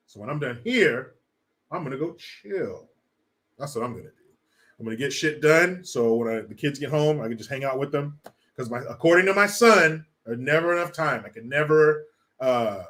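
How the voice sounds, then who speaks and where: A man's voice: mid-range voice, a bit bright. A man hosting a casual livestream, reading chat and ranting with lots of profanity and laughter. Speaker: live stream host.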